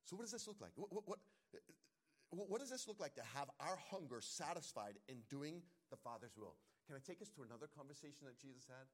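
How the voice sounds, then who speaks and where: A man preaching a sermon, repeating key lines and quoting scripture with animated emphasis. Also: on the high side, fast talker. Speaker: pastor.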